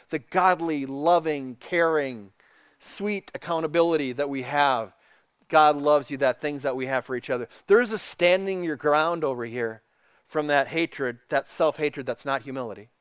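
A man preaching a sermon, reading quotes aloud and dropping to a soft hush for tender passages. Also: on the high side, clear, resonant tone, dry recording, clean studio sound. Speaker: pastor.

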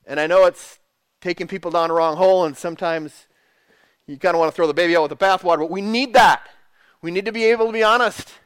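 A man's voice: high voice, a bit bright, smooth, dry recording. A man preaching a sermon, earnest and emphatic, repeating phrases and restarting mid-thought. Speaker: pastor.

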